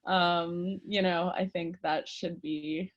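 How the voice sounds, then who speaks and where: A woman's voice: fairly low pitch, steady tone, slow, muffled recording. A middle-aged Canadian woman, a guest therapist on a podcast, chatting directly and laughing often. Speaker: guest sex researcher and therapist. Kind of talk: casual podcast interview.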